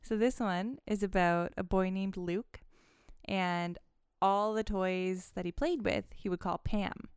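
Clear-voiced woman in casual chat. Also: medium pitch, steady tone, slow pace, no echo, studio quality. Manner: chatty, sprinkles in likes. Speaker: podcast co-host telling stories.

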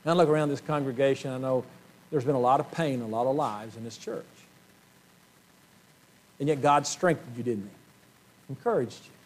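A male pastor preaching a sermon to his congregation, earnest, often clearing his throat and asking rhetorical questions. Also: mid-range voice, moderate pace, pauses often. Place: church sanctuary.

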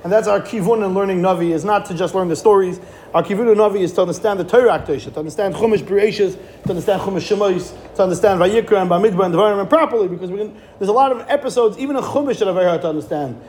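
A man giving a Torah class, animated, with rhetorical questions and frequent restarts. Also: high voice, racing, a little hiss or hum. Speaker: Torah teacher.

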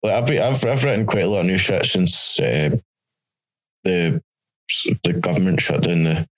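A man's voice: deep voice, moderate pace, rough recording. A Scottish man and stand-up comic, chatting casually on a podcast in a rambling, sweary, stop-start way. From Scotland. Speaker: stand-up comedian, podcast co-host. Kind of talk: casual chat.

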